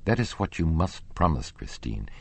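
A man's voice: very deep voice, very animated, normal speed, breathy edge, heavily acted. A man voicing an earnest, formal young nobleman in an audiobook. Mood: firm. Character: earnest young nobleman, anxious but firm.

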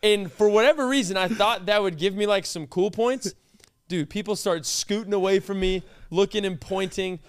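A man's voice: high-pitched, moderate pace, no room sound. A young man in casual chat, teasing and telling comic stories. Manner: jokey, teasing storyteller.

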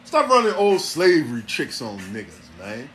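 A man hosting a podcast, riffing in a comedic monologue with animated, preachy repetition. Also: a little high, moderate pace, a little hiss or hum. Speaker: podcast host.

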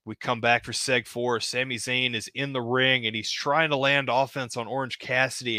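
A man hosting, narrating play-by-play of a toy wrestling show in a casual way, rising with excitement at the pin counts. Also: mid-range voice, no room sound, studio quality. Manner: casual, hedging with "kinda", excited at pinfalls.

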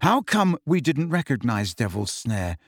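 Man doing tense teenage wizard boy, quiet, close to his own voice, storybook reading. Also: medium pitch, sing-song, a little slow, dry recording. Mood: guilty.

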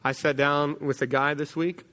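Conversational preacher in an echoing church. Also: male voice, flat delivery, moderate pace. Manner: conversational, storytelling, drops low and quiet for emphasis. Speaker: pastor. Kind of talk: sermon.

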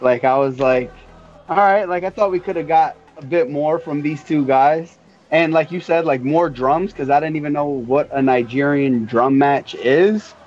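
A man in casual podcast chat, relaxed, who fills his speech with "like". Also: on the high side, moderate pace. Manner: relaxed, says "like" a lot. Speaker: podcast co-host. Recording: dull lo-fi sound.

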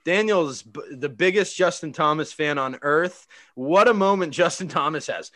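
Joking man with a higher voice. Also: moderate pace, a bit bright. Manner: joking storyteller, acts out quotes. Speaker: podcast co-host. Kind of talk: casual chat.

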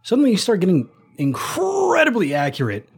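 A man co-hosting a tabletop gaming podcast, pitching ideas as an animated storyteller who swears casually. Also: fairly quick, slightly rough. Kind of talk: casual chat about tabletop game ideas.

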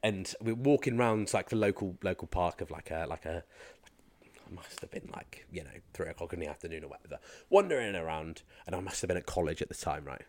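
A man's voice: sits low, brisk. A man, a fitness and mindset coach, chatting casually as a podcast guest and telling stories animatedly, slipping into other people's accents. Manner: animated storyteller who slips into mimicking accents.

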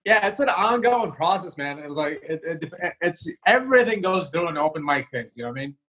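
A male comedian talking casually in an interview over a video call, relaxed and rambling with many fillers and restarts. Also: on the high side, quick pace, husky, rough recording. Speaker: comedian guest. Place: home, remote video call.

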